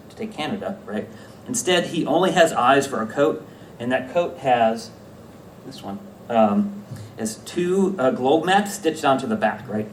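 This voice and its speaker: A man giving a conference talk about slides, lively and self-correcting, often checking in with the audience. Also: medium pitch. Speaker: academic conference presenter. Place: lecture room at a conference. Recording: echoey room, distant mic, faint hiss.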